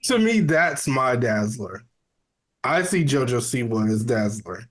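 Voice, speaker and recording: A man's voice: mid-range voice, sing-song, measured pace, fairly bright tone. A man co-hosting a casual pop-culture podcast, bantering in a playful, sassy way. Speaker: podcast co-host.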